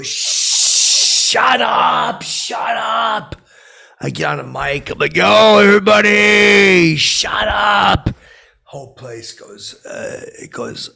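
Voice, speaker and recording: A man playing a belligerent, boastful washed-up guy in an in-character comedy podcast, rambling and halting with many fillers and restarts. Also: medium pitch, gravelly, bright, forceful tone, breathy edge, full character voice.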